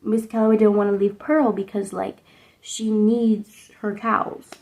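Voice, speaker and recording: A woman's voice: medium pitch, level tone, a little slow, a little mellow, low-quality recording. A young woman vlogger recapping a movie in a casual, rambling way, with lots of "like" fillers, talking at home. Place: indoors at home under a sunset lamp.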